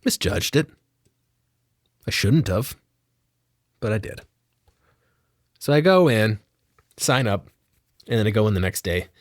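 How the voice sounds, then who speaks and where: A man's voice: fairly low pitch, animated, measured pace, pauses often, no echo, studio quality. A man telling a rambling, self-mocking comic story with lots of swearing.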